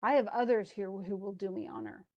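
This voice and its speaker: A woman's voice: medium pitch, big pitch swings, fairly quick, a little mellow, highs cut off, close to an everyday voice. Agamemnon, a petulant king, as a woman puts him on. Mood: indignant. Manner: casual, exasperated retelling voice. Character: greedy, petulant male king.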